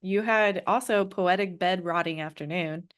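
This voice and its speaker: A woman co-hosting a podcast in casual chat, relaxed and laughing often. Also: on the low side, normal speed, smooth. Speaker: podcast co-host.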